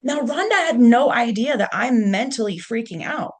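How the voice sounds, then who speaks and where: A middle-aged woman giving a leadership talk, telling stories from her career in a conversational way and often pausing on "okay". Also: on the high side, lively intonation. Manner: conversational, punctuates points with "okay". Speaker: leadership speaker. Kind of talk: storytelling presentation.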